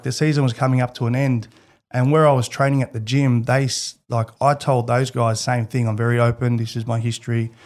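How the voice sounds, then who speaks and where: A man with an Australian accent, a guest in an interview, telling personal stories in a candid, animated way and laughing as he goes. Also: medium pitch. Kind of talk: casual storytelling.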